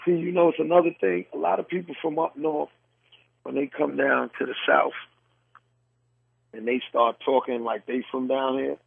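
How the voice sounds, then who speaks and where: A man's voice: mid-range voice, steady tone, normal speed, creaky, dry recording, phone-quality sound. A man from New York City with a New York accent, hosting a casual podcast chat and bluntly comparing how people talk. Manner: blunt storyteller, mimics dialects. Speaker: podcast host.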